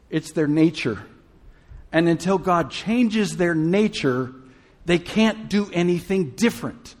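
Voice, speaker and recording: A man preaching a sermon in a conversational way, full of rhetorical questions and humorous asides. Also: high voice.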